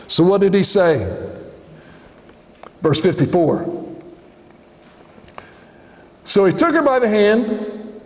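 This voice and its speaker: High-voiced pastor in an echoing hall. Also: male voice, slow, long pauses. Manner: animated storytelling, acting out the scene. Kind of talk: sermon. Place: church. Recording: long church hall reverb.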